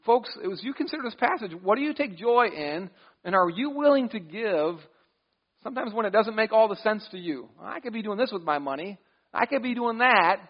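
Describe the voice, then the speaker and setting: A man with a notably high voice preaches a sermon as pastor. He talks conversationally, restarting phrases and slipping into quoted asides. The sound is dull and lo-fi.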